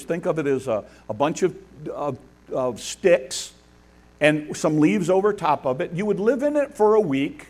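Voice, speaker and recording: A man preaching a sermon, animated, acting out the biblical figures he tells about with a laugh now and then. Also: high-pitched. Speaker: pastor.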